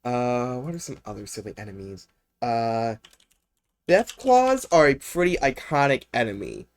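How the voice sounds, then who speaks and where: A man's voice: mid-range voice, very animated, unhurried. A young man presenting a video game on a livestream, rambling off script with lots of ums and uhs.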